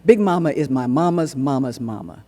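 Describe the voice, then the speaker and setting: A man performing a dramatic monologue on stage, narrating in an animated, dialect-rich storytelling voice. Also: mid-range voice, normal speed. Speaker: solo performer. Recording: echoey hall recording.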